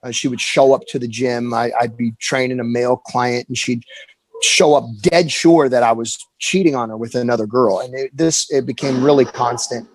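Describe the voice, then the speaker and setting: A man in his forties telling a candid personal story as an interview guest, earnest and halting, often restarting his sentences. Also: mid-range voice, steady tone, rough recording.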